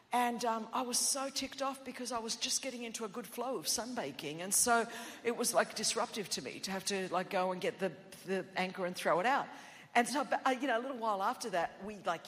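Woman preacher; bright, cutting tone; emphatic, shouty peaks; long hall reverb. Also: mid-range voice. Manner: emphatic, builds to shouted declarations, chatty asides. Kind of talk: sermon. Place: large church auditorium.

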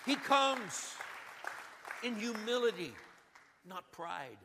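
High, ringing male pastor voice, dramatic shifts from loud to hushed, church-hall reverb. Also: big pitch swings, slow pace, vocal fry, a crowd in the background, noisy background. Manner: dramatic swings between loud urgency and hushed emphasis. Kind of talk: sermon. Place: church sanctuary.

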